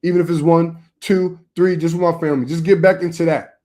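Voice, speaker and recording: A man's voice: fairly high pitch, fairly even intonation, fairly quick, darkish tone. A young adult man preaching informally to camera, emphatic and streetwise, with lots of repetition.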